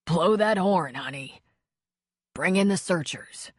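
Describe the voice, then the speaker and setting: A woman voicing a hurt, weakened man in an audiobook, speaking in a raspy, strained voice. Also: lowish voice, expressive, slow, no room sound, clean studio sound, exaggerated voice. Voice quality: raspy, weak. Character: injured, weakened adult man.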